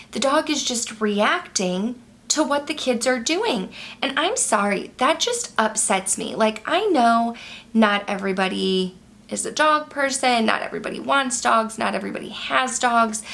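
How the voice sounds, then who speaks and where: A woman's voice: on the high side, lively intonation, unhurried, gravelly, a bit bright. A young woman, chatting through a makeup tutorial and telling a story with exasperation. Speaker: beauty vlogger. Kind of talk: casual makeup tutorial chat.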